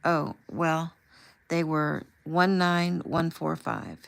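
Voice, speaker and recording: An emotional young man with a low voice tells his story haltingly, as a woman reads him aloud. His voice is gravelly, and the reading sounds like a storybook told at home. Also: heavily acted. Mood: earnest. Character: young man, emotional, recalling a hard time.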